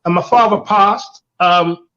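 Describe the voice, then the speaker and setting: A man's voice: sits high, a little slow, bright, forceful tone, lo-fi sound. A middle-aged man co-hosting a candid panel chat, earnest and reflective, repeating his key phrases. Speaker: co-host.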